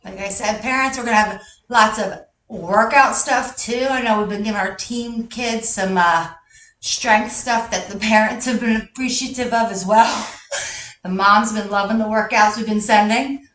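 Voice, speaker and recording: A woman's voice: a little high, fairly even intonation, moderate pace, a bit bright, far from the mic. A woman leading a live online gymnastics workout as coach, counting reps cheerfully and chuckling between exercises. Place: large gym. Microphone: camera a distance away. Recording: echoey gym, voice off-mic.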